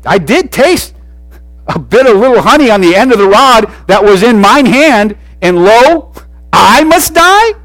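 A man's voice: very high voice, big pitch swings, a little slow, a bit bright, pitched above the performer's own voice, full character voice. A man voicing a young man protesting his death sentence, incredulous and indignant.

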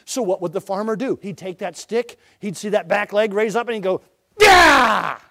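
A man preaching a sermon in a folksy storytelling way, jumping between loud bursts and quiet asides. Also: high-pitched, a little fast.

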